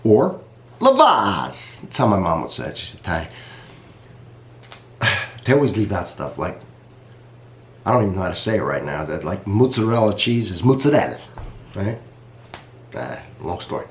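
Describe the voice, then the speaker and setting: Man, coffee reviewer, low-pitched, chatty and rambling, echoey room, faint hum. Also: big pitch swings, normal speed, pauses often. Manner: chatty, rambling, friendly asides to viewers. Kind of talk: casual vlog review.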